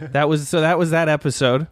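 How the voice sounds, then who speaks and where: A man's voice: a little high, moderate pace, dry recording, studio quality. A man hosting a comedy podcast, rambling and laughing through a joke bit where he reads out fake diagnoses as a doctor. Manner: rambling, laughing, with frequent restarts.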